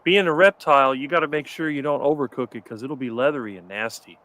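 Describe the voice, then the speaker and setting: Plain-spoken male guest, mid-pitched, relaxed and practical. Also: fast talker. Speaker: guest caller. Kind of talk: casual group chat.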